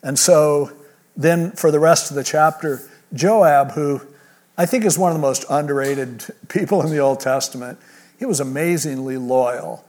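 A man's voice: on the high side, moderate pace, darkish tone. A man preaching a verse-by-verse sermon, reading scripture and then retelling it in casual, conversational speech. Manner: reads scripture aloud then paraphrases it in casual modern speech; conversational, with restarts. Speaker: pastor. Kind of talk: expository sermon.

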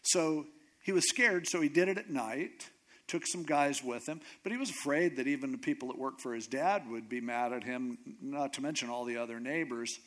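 A man's voice: mid-range voice, normal speed, fairly bright tone. A man preaching in a casual, conversational way, retelling a story with dry humor. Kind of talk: sermon storytelling.

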